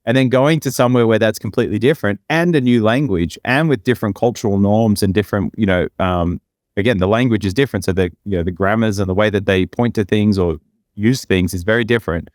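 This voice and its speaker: A man's voice: fairly low pitch, fast, darkish tone, no room sound, studio quality. A man with an Australian accent, chatting casually as a podcast co-host in a laid-back, musing way.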